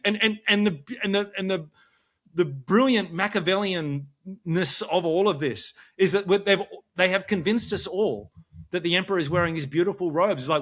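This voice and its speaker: A man's voice: sits high, moderate pace, a bit bright. An Australian man talking in a casual podcast discussion, passionate and worked up, often restarting his sentences. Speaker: podcast panelist.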